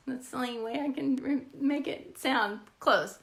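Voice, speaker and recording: A woman's voice: on the high side, a little slow, hardly any pauses, a bit bright, a little hiss or hum. A middle-aged woman, a real estate agent, casually telling funny stories from her job and laughing often. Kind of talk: casual storytelling to camera.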